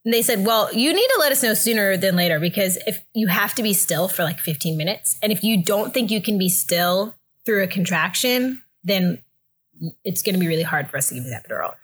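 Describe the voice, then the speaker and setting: A young woman telling a story in a casual chat, animated and laughing often, acting out the other people's voices. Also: a little fast, husky. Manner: animated, acts out voices with big pitch jumps, laughs often. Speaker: guest telling a birth story.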